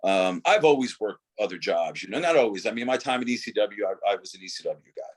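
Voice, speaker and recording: A man's voice: on the low side, expressive, quick pace, slightly rough. A middle-aged man, a former wrestler, talking casually as an interview guest in a laid-back way, saying "dude" and "you know" often.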